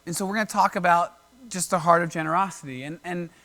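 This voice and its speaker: A man's voice: high-pitched, steady tone, fast talker, sharp tone. A man preaching a casual, conversational sermon, telling a Bible story in everyday slang and acting out the characters. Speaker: pastor.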